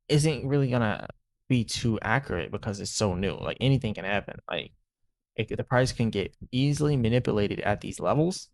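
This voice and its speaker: A man's voice: mid-range voice, vocal fry, no echo. A man hosting a crypto channel, talking through market moves in a rambling, casual way and often tossing in "right?".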